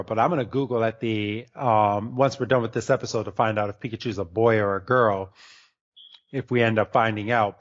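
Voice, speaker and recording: A man co-hosting a podcast, chatting loosely with plenty of ums and restarts and laughing often. His voice sits at an ordinary pitch, and the recording is a little dull and lo-fi. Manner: rambling, many fillers and restarts, laughs often. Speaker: podcast co-host. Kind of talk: casual chat recapping an episode. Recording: slightly dull lo-fi audio.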